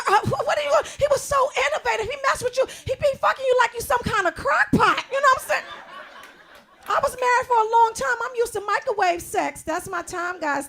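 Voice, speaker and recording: A woman performing stand-up comedy with a very high voice and a gravelly edge. She talks brashly and conversationally, punching up the lines. Her voice is picked up by a live club microphone. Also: fairly bright tone.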